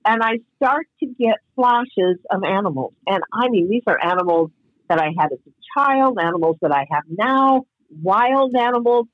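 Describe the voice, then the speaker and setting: A woman's voice: medium pitch, animated, moderate pace, no echo. Earnest woman on muffled call audio. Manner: earnest, reflective, spiritual storyteller. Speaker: guest. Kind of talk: casual storytelling on a podcast.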